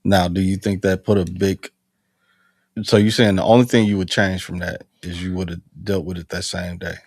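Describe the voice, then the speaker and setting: A man hosting a casual conversation, telling a story with lively, acted-out quotes. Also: sits low, moderate pace, dry recording, studio quality. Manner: animated storyteller acting out both sides of quoted exchanges. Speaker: host.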